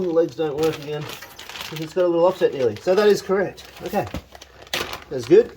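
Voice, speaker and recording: On the higher side and with a dark tone, a man's expressive voice moves a little fast and pauses often, with slight background noise behind it. He's a channel host in his home shed, working on his truck, talking to its parts and grumbling wryly while frequently ribbing himself.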